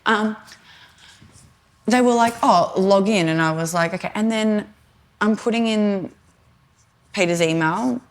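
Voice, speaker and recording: A woman's voice: medium pitch, measured pace, pauses often. An Australian woman co-hosting a podcast, telling a story in a chatty, rambling way with lots of "like". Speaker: podcast co-host. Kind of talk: casual chat.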